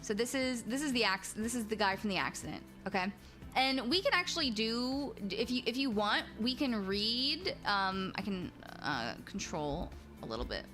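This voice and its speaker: A woman hosting a stream, chatting casually in an animated way with many restarts. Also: a little high, moderate pace, faint music behind. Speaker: streamer host. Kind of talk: casual reaction chat.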